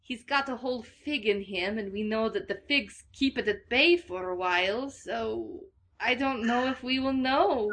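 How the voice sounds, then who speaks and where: A woman playing a tabletop role-playing game. Her voice is bright and a little high. She speaks slowly and hesitantly. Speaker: player.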